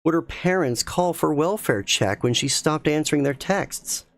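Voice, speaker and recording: A man reading a spooky story aloud in a slow, measured, suspenseful way as a streamer. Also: fairly high pitch, animated, gravelly, no room sound.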